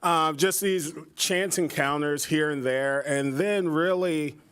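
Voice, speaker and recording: A man speaks at a podium microphone in a slightly high voice and a very unhurried pace. He tells a relaxed, friendly story, often filling pauses with "um". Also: smooth. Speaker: public commenter. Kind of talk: public comment tribute. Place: city council chamber.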